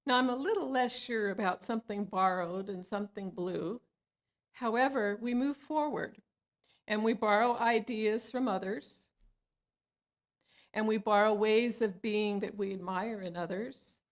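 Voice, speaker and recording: A woman, a licensed spiritual practitioner, leading a guided meditation in a slow, soothing cadence in a church hall. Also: medium pitch.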